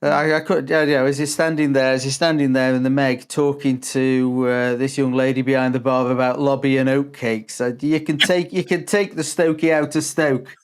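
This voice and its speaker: A man's voice: mid-range voice, steady tone, moderate pace, hardly any pauses, clear, resonant tone. A man hosting a casual radio interview, conversational and teasing toward his guest.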